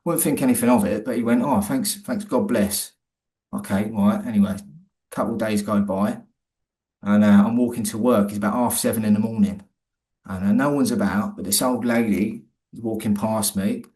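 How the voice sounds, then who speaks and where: A man, his voice sitting on the low side, talks as an interview guest. He tells a personal story loosely and colloquially, often stopping and starting again mid-sentence. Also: brisk, darkish tone. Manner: rambling, restarts often, colloquial.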